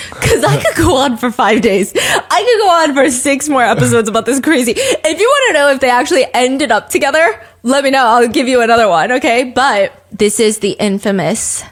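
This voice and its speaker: A woman hosting a podcast, telling a story in a casual, animated way and laughing often. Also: a little high. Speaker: podcast host.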